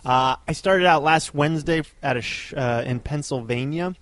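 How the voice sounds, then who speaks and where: A young adult man co-hosting a casual podcast, telling stories slowly and laughing easily. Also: on the high side, fairly bright tone, dry recording. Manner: slow-talking, laughs easily, chatty storyteller. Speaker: podcast co-host. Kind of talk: casual chat.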